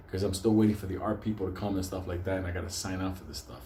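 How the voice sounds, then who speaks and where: Guy swearing through a funny story, lowish dark voice, echoey room with faint hum. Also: very fast. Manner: swearing constantly, animated storytelling. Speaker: show host. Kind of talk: profane comic storytelling.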